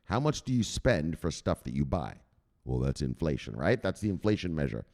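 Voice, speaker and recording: A man's voice: moderate pace, vocal fry. A man hosting a crypto news channel, talking casually over a chart, swearing freely and mocking imagined viewers. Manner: animated, swears freely, mocks imagined viewers in a high squeaky voice.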